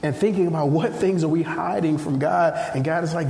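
A man preaches with animated storytelling in a voice pitched a little high. He slips into acted-out voices along the way. He sounds like he is in an echoey hall with a long reverb and faint ambience behind him. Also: a little fast, vocal fry, a little hiss or hum. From Nigeria. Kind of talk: sermon.

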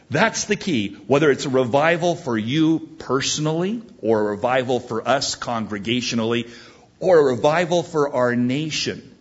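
A man's voice: medium pitch, breathy edge, lo-fi sound. A male pastor preaching a sermon, telling a story with emphatic delivery.

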